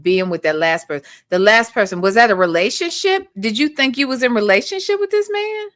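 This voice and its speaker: A woman's voice: mid-range voice, expressive, fairly quick, fairly bright tone, dry recording, clean studio sound. A woman hosting a livestream, giving blunt, profane commentary and talking back to the recordings she plays. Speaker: livestream host. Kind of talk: casual commentary on played recordings.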